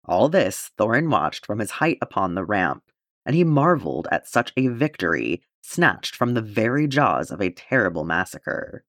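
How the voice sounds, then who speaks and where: A man reading a fan-fiction audiobook aloud in an expressive storytelling manner. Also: on the low side, normal speed, no echo, clean studio sound. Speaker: audiobook reader.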